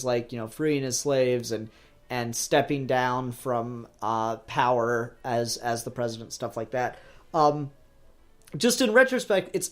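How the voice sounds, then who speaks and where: A man co-hosting a podcast, talking casually and with lively digressions about history and a movie. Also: mid-range voice. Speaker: podcast co-host.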